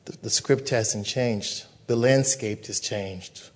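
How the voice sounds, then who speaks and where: A man's voice: lowish voice, takes it slowly. A male pastor giving a communion sermon, repeating phrases with emphatic preaching cadence.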